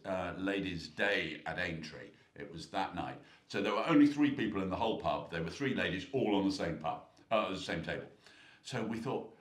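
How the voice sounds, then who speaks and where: A man co-hosting a podcast, telling rambling anecdotes with chuckles. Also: sits low. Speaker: podcast co-host. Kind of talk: casual chat. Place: at a racecourse. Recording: roomy echo.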